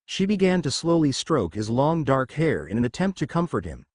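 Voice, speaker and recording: A man narrating a fan fiction story in a steady, expressive storytelling voice. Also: medium pitch, normal speed, no echo, clean studio sound.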